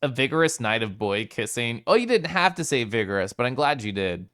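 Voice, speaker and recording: Animated, giggly male streamer. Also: mid-range voice, brisk. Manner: playful, giggly, animated, greets viewers by name. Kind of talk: casual chat with live chat.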